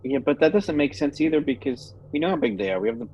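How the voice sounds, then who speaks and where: A man's voice: on the high side, expressive, quick pace, creaky, darkish tone, highs cut off. Hesitant casual man, faint noisy background. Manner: hesitant, trails off and restarts. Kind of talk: casual chat.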